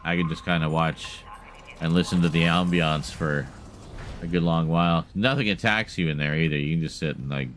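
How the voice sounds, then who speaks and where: Low-voiced man streaming a horror game. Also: normal speed, a little hiss or hum. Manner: chatty and wry, swearing lightly and laughing at himself. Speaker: gaming streamer. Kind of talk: casual live gameplay commentary.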